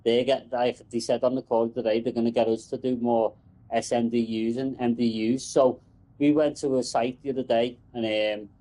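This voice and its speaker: A man's voice: medium pitch, flat delivery, moderate pace, warm tone, rough recording. A man, a telecom engineer, rambling and swearing in casual chat about his work.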